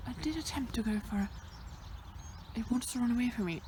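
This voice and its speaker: A woman vlogging on a hike outdoors, chatting nervously into a handheld camera and swinging between whispers and loud exclamations. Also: on the high side, fairly quick, noisy background. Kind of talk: casual vlog narration while hiking. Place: outdoors on a hillside near fenced fields.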